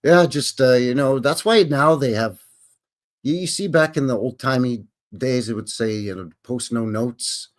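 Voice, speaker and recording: A man hosting a live stream and reading articles aloud. He drifts between wry, skeptical asides and loose, joking rambles, with a voice of ordinary pitch for a man. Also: expressive, moderate pace. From Canada. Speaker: host of a live stream show.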